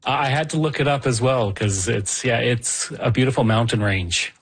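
A man's voice: mid-range voice, normal speed, slightly rough. A man co-hosting a call-in radio show, enthusiastic and rambling a little as he describes places. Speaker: radio co-host.

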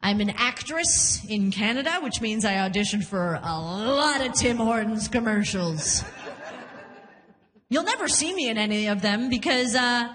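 Brief: high-pitched female comic on a handheld mic, lively, long reverb of the venue. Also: measured pace. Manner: animated, laughs through punchlines, jumps into character voices. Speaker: stand-up comedian. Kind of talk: stand-up comedy set. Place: comedy club stage.

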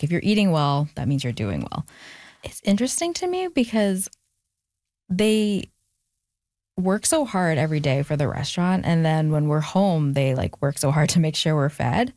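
A woman's voice: low voice, a little mellow, no room sound, studio quality. A young adult woman, an author, talking candidly and reflectively about her family in an interview. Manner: reflective, candid, gets emotional and laughs it off. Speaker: author guest. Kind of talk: personal interview conversation.

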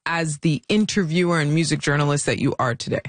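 An interviewer asking measured questions and offering short affirmations. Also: medium pitch, no room sound.

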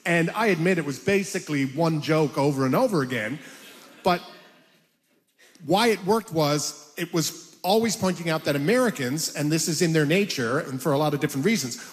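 Older Canadian comic, higher voice, animated storyteller doing voices; reverberant hall sound. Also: male voice, moderate pace. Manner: animated, acts out voices in anecdotes. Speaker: comedian guest. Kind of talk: storytelling interview chat.

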